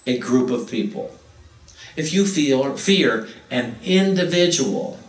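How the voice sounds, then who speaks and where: Guy giving a heartfelt spiritual talk, kinda playful, sounds a bit far from the mic. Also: medium pitch. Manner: earnest, playful, acts out quotes. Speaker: spiritual speaker. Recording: roomy, distant mic.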